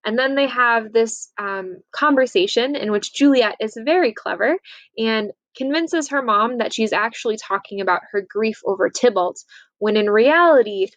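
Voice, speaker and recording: A young woman teacher casually retelling a play's scene in a chatty, lively way. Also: medium pitch, no echo, poor audio. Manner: chatty, lively, acts out quotes. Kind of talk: casual summary of a play.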